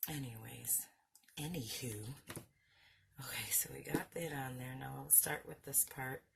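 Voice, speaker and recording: Chatty, laughing woman with a gravelly voice. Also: extremely low pitch, a little slow, a bit bright, slight background noise. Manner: chatty, self-mocking, laughs often. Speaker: craft channel host. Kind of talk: casual craft-along chat.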